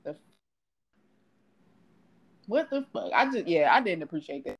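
A woman's voice: lowish voice, normal speed, husky, dull audio. A woman co-hosting a casual podcast chat, ranting loosely with constant swearing. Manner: profane, animated ranting. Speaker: podcast co-host.

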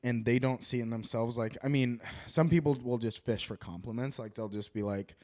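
A man's voice: mid-range voice, steady tone, fairly quick, darkish tone. A young man co-hosting a casual podcast, joking and laughing often and trailing off into fillers. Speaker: podcast co-host.

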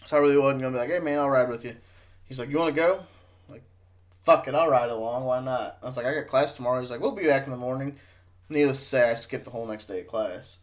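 A man's voice: mid-range voice, fast. A man casually telling a rambling, profane road-trip story on a podcast, drunk and stoned, talking into a studio mic. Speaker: podcast co-host.

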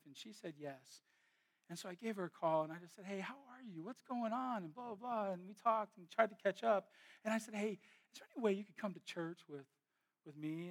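A man in his thirties preaching a sermon, moving between hushed, intimate storytelling and loud, impassioned exhortation. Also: a little high. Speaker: pastor.

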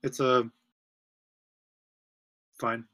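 Bright-voiced laid-back man, dry sound. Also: mid-range voice, level tone, extremely slow, no room sound. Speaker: podcast co-host, playlist maker. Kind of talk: casual podcast chat.

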